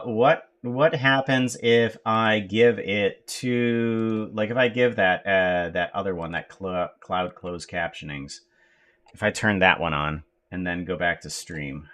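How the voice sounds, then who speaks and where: Man, American, live-stream chatter, talks slowly to himself, low-pitched, bright tone. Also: fairly even intonation. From United States. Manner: mutters to himself while fixing software, slow and rambling.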